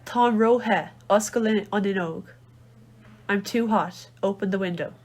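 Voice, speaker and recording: A woman's voice: medium pitch, fairly even intonation, normal speed. A woman with a Kerry Irish accent reading Irish words and phrases aloud, each followed by its English translation. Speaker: language teacher reading a phrasebook. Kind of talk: slow read-aloud phrase lesson.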